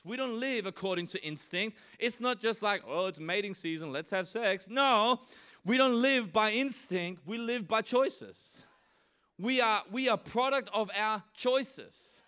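Bright, high-voiced male preacher. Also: clear, resonant tone. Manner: lively, acts out quoted voices with humor. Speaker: pastor. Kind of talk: sermon. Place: church.

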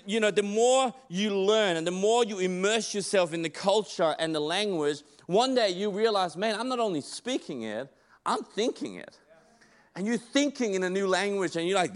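High-voiced man preaching a sermon. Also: moderate pace, few pauses. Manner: emphatic, conversational preaching with frequent restarts.

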